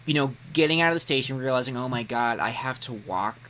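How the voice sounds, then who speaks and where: A man hosting a casual podcast chat, an animated storyteller who breaks into loud mock voices. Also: mid-range voice, quick pace, slight background noise. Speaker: podcast host.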